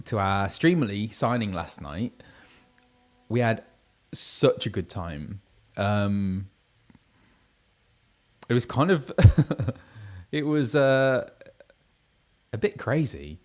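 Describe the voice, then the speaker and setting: A man's voice: lowish voice, darkish tone. A man livestreaming from his kitchen, chatting casually with viewers and reading out their messages, with plenty of ums. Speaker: livestreamer and voice actor. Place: his kitchen at home, indoors. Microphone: streaming setup with ring light.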